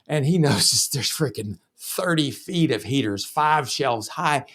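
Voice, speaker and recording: A man's voice: mid-range voice, lively intonation, measured pace, fairly bright tone. A man hosting a sales podcast, telling a story as a lesson in a casual, profane, anecdotal way. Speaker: sales trainer and podcast host.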